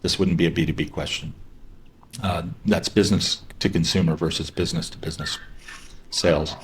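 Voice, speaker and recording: A man's voice: sits low, steady tone, brisk, slight background noise. A man giving a casual sales training lecture, talking loosely with fillers and restarts. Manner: conversational, many fillers and restarts; acts out sample questions in a lighter voice. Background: dogs barking.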